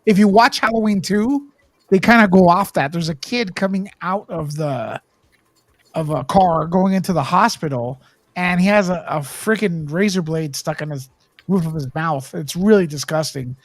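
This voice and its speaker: A man's voice: high-pitched, moderate pace, no room sound. A man hosting a casual livestream chat, joking and teasing his guests and swearing freely. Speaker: host.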